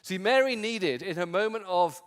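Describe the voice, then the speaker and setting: A male pastor preaching a sermon with impassioned emphasis, swinging from strong peaks to quiet, low passages. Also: animated, normal speed, big-room sound. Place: church sanctuary.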